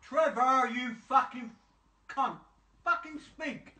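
Swearing, shouting dad, high voice. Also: male voice, slow, slight background noise. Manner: frustrated, swearing, repeatedly shouting at the device. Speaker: father trying a new smart speaker. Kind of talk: candid home video. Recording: echoey room from a distance.

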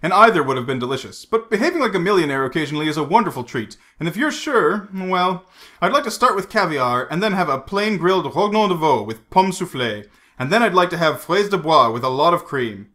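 A man's voice: a little high, lively intonation, a little fast, pushed and bright. A man reading aloud, voicing a self-assured young woman who speaks in a light, teasing way at a fancy dinner. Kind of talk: audiobook character reading.

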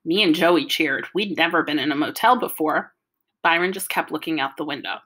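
A woman reading a novel aloud with lively, wry storytelling. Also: low-pitched, moderate pace, slightly rough. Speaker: audiobook reader. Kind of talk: storytelling narration.

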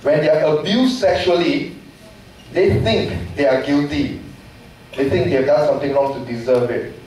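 A man's voice: fairly high pitch, normal speed, a little mellow. A man from Malaysia, giving an impassioned forum speech full of repeated rhetorical questions. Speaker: forum panelist. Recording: echoey hall, distant mic, faint noise.

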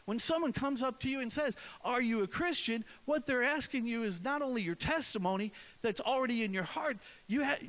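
A man's voice: high voice, fairly bright tone. A man preaching a sermon in an earnest way, often repeating and restarting his phrases. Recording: long reverb in a hall.

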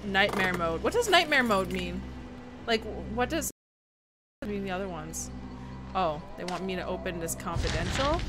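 A woman's voice: mid-range voice, animated, normal speed. A young woman from Canada chatting casually while livestreaming a horror game, giggling and reading chat aloud. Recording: music playing underneath.

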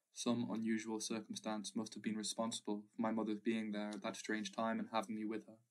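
A man reading a literary short story aloud in a measured, reflective way. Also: on the low side, recorded from a distance. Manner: measured, reflective, slow pauses. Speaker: audiobook narrator. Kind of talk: literary audiobook narration.

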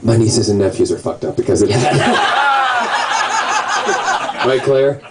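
A man's voice: lowish voice, expressive, measured pace, distant mic, heavy background noise. A man in his forties, raised in Scotland but talking in an American accent, answering audience questions at a book signing in a playful, cheeky way. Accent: Scottish-raised speaker using an American accent. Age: 40s. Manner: playful, cheeky, laughs often. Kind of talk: casual Q&A chat. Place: bookstore event before an audience. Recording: crowded room with audience chatter.

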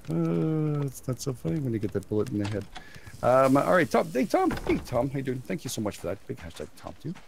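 A man's voice: mid-range voice, very animated, moderate pace, gravelly, long pauses, a little hiss or hum. A man chatting casually while playing a co-op survival game, stammering a little and laughing often. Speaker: game player. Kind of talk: casual co-op gaming chat.

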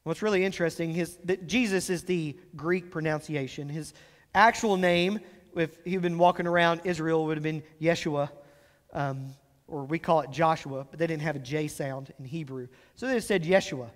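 A man with a high voice preaches a sermon, reading scripture and explaining it. He slows down and lifts his voice to press home the words that matter. His voice rings with a long reverb through a church sanctuary. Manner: explains scripture with emphatic rises and slow stressed phrases. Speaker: pastor.

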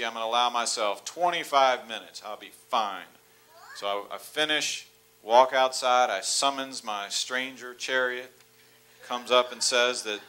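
A man in his forties preaching in a church, telling a long comic story with laughter and rising excitement. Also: mid-range voice. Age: 40s. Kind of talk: storytelling sermon. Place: church sanctuary.

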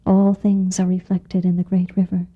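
A woman voicing a wise male frog who teaches a mouse, speaking calmly and in a measured, solemn way during a live storytelling performance. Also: on the low side, slightly rough, highs cut off.

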